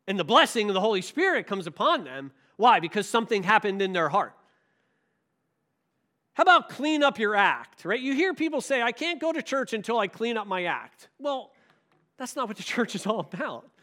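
Animated preaching man, bright voice. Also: very high-pitched, brisk. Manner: emphatic preaching, rhetorical questions. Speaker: pastor. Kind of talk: sermon.

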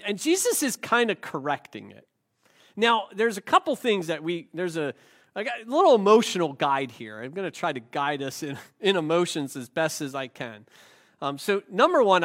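A man's voice: high-pitched, pushed and bright. A middle-aged man preaching a sermon, talking in a loose, joking, conversational way with frequent restarts. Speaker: pastor.

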